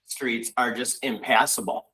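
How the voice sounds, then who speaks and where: This co-host from Buffalo, New York has a mid-range, slightly rough voice and a measured pace, rambling animatedly through stories with plenty of fillers during a casual chat. The recording itself is rough.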